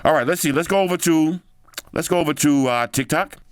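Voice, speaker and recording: A man hosts a tech video, chatting casually and thinking aloud as he scrolls through a phone. He's slangy and loose, tossing in "yo" and "bro," in a high-ish, brisk, smooth voice. The recording is studio quality with no room sound.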